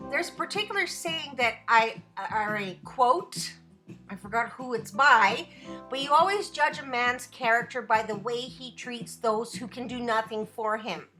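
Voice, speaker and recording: A high-pitched woman with a bright, ringing voice rants casually to her live-stream chat. She is animated and swears freely, breaking off mid-story to answer viewers. Faint music sits underneath. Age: adult student.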